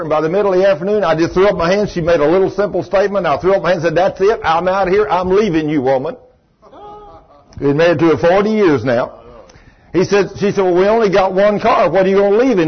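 A folksy middle-aged man with a drawl tells a story from the pulpit, acting out every quote. His voice is husky and sits a little high. The recording sounds dull and lo-fi. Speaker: preacher. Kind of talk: storytelling sermon.

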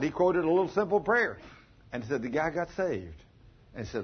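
Folksy preacher guy, kinda high voice, husky, storytelling sermon. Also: sing-song. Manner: folksy storytelling, dramatic pauses. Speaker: pastor. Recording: dull lo-fi recording.

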